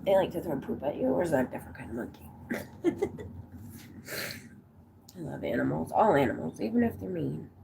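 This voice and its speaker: A woman's voice: sits low, big pitch swings, moderate pace, gravelly, long pauses, background noise. A woman in her forties from the United States, chatting casually on a live stream, rambling through stories and answering viewers' comments. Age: 40s.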